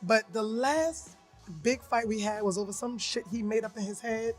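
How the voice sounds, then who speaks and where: A woman co-hosting a podcast bluntly tells a personal story in casual conversation, acting out the voices of the people she quotes. Her voice is a little high and her pace is normal, with faint music in the background.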